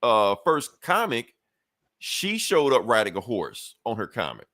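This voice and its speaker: A man's voice: mid-range voice, sing-song, a little slow, pushed and bright, no room sound, clean studio sound. A man on a podcast recapping a comic book in a loose, casual way, swearing often and using many fillers. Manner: loose, profane storytelling with frequent fillers. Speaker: podcast co-host.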